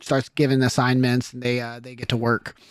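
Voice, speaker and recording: A man's voice: medium pitch, monotone, brisk, smooth, dry recording. A man narrating a tabletop game as game master, in a loose, filler-heavy way.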